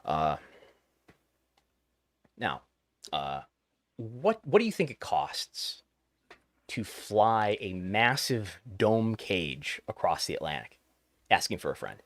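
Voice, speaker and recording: A man's voice: on the low side, sing-song, slow pace, pauses often, no echo. A man hosting a podcast, chatting casually about the news with wry, joking asides. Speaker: podcast host.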